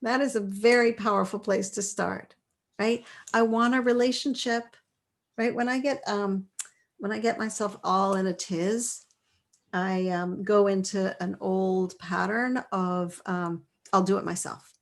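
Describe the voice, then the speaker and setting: A woman in her forties leading a live online class, reading out chat replies in a gentle, affirming way and laughing often. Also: medium pitch, fairly even intonation, unhurried. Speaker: course leader.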